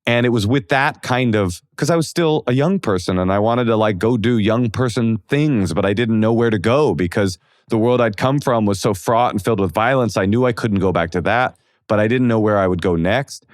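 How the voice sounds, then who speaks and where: Low-voiced man telling stories animatedly. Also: fairly quick, dry recording, studio quality. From Oakland, California. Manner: animated, self-deprecating storyteller with many fillers. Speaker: comedian guest. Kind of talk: casual storytelling interview.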